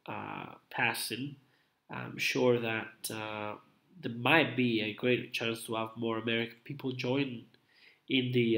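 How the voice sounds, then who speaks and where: A man's voice: mid-range voice, a bit bright. A man hosting a casual live stream, rambling and hesitant with many fillers, coughing from a cold. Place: home room at night. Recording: roomy echo.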